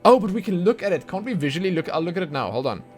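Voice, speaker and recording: A man's voice: high voice, rapid-fire, soft background music. Chatty man streaming a game. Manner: chatty, excitable, thinks aloud. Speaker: streamer playing a video game. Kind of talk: casual let's play commentary.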